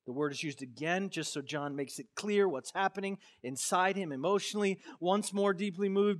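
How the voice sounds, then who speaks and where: A male pastor from Florida preaching a sermon with passion, swinging from quiet, low phrases to loud outbursts, then telling a personal story casually with many fillers.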